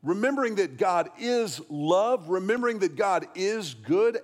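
A man's voice: sits high, expressive, a little slow, hardly any pauses. A middle-aged man preaching a sermon to a congregation in an earnest way, often repeating words as he stresses a point. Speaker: pastor. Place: church hall with an audience.

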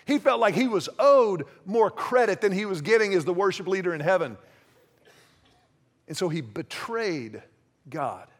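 A man's voice: high-pitched, lively intonation, a little slow. A man preaching a sermon in a conversational, self-deprecating way, acting out little quoted exchanges. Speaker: pastor.

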